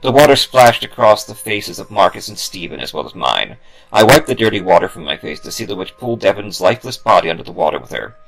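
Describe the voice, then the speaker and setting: Gravelly, hushed horror narrator. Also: male voice, lowish voice, sing-song, fast, poor audio. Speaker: horror author and show host. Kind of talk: horror story reading. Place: comic store, live.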